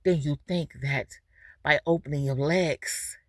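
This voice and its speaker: Slow, low-voiced woman commentator. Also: fairly even intonation, dry recording. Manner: slow, preachy, scolding. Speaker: commentary host. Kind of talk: drama commentary reacting to a clip.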